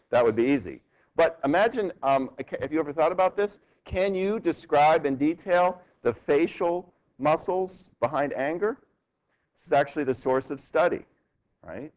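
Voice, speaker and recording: Man, law professor, classroom lecture; animated intonation, mid pitch, chatty question-tag delivery. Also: rough recording. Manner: conversational, frequent tag "right?", animated rhetorical questions. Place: university lecture hall.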